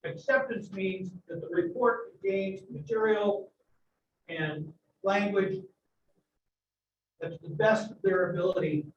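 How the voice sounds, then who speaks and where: A man at a meeting giving a measured explanation in answer to a question. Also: high-pitched. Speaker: committee member answering a question. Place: meeting room. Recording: echoey room, far-off muffled mic with noise.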